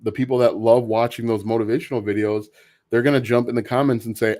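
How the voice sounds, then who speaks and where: A man hosting a casual live Q&A stream, talking in an opinionated, halting way with many restarts. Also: mid-range voice, fairly even intonation, a little mellow. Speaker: livestream host answering viewer questions.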